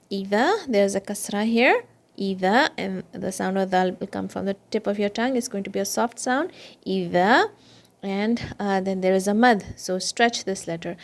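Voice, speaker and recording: A woman teaches children Quran recitation in a patient, measured way. She breaks each word into its sounds and repeats it slowly so young learners can follow. Her voice sits at an ordinary middle pitch for a woman. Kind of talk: children's Quran and tajweed lesson.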